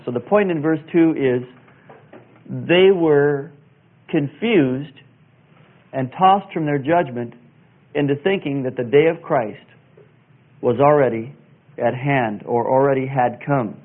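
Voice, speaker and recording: A man teaching verse by verse through a Bible passage, slow and deliberate, pausing with fillers and spelling out Greek words. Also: mid-range voice. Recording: tinny phone-like sound.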